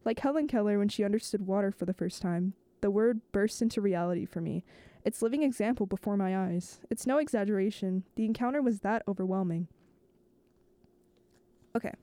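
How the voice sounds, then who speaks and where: A woman host reading a novel aloud, slow and measured, now and then stumbling and restarting a phrase. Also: medium pitch, dark tone, dry recording.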